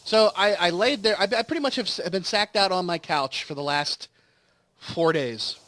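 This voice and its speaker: A man's voice: high-pitched, moderate pace, a bit bright, dry recording. A man hosting a game video, telling a long, rambling story in casual chat while recovering from surgery. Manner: rambling storytelling with acted quotes. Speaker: let's play host. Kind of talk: casual chat over gameplay.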